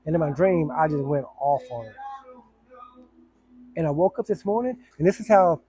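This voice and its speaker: Middle-aged man with a somewhat high voice, talks bluntly and rambles through a story. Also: animated, moderate pace, dark tone, a little hiss or hum. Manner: blunt, profane, rambling with many restarts. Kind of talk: casual personal storytelling to camera.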